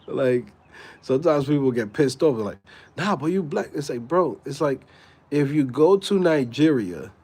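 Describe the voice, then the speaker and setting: A livestream host in his thirties, of Dominican heritage, talks casually in laid-back slang and laughs often. His medium-pitched voice is animated and mellow, and his pace runs a little slow.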